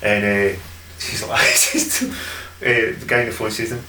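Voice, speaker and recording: A man's voice: mid-range voice, big pitch swings, measured pace, bright, forceful tone. A Scottish man, a podcast guest, telling stories in casual chat, swearing a lot and laughing as he talks. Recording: echoey room from far off with faint hiss.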